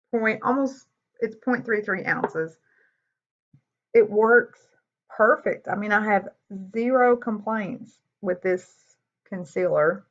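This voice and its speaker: A woman's voice: medium pitch, slow, pauses often. A woman, chatting candidly through a makeup tutorial as a beauty vlogger. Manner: chatty, candid, says y'all a lot. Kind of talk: casual makeup tutorial chat. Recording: dull lo-fi sound.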